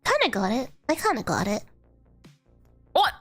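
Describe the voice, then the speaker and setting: A woman streamer, hoarse from being sick, chatting casually and giggling, squealing greetings to her viewers from her bedroom. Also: a little high, wildly swooping pitch, normal speed, a bit bright, soft background music. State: hoarse from illness. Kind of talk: casual live-stream chat.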